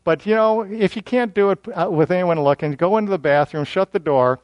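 A Bible teacher works through a sermon verse by verse, conversational and self-deprecating, often restarting sentences as he explains scripture. His voice is high and brisk. The recording is dry and dull.

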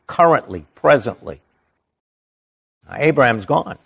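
Man slowly reading and preaching scripture. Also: medium pitch, expressive, creaky, husky. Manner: slow, deliberate reading with emphatic asides. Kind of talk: Bible reading with sermon commentary.

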